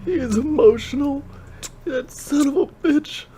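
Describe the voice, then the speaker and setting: A man's voice: very high voice, measured pace, background noise, pitched above the performer's own voice. A man voicing a foul-mouthed young woman survivor who insists she is not emotional, with music playing. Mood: indignant. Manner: indignant, swearing. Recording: loud music behind voice.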